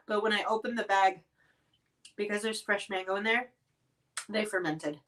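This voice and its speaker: Woman livestream host at home, casual and chatty, coughing and clearing her throat, a bit far from the mic. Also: mid-range voice, lively intonation, slow pace, fairly bright tone. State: coughing from spicy food. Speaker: livestream host reviewing spicy snacks.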